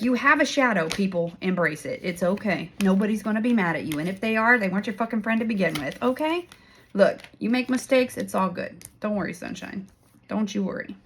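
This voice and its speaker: A woman talks straight to the camera in a casual tarot-reading vlog. She is blunt and swears freely, laughing often as she goes. Her voice jumps between loud, excited bursts and quiet, hushed asides. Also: medium pitch, brisk, slight background noise. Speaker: tarot reader and channel host.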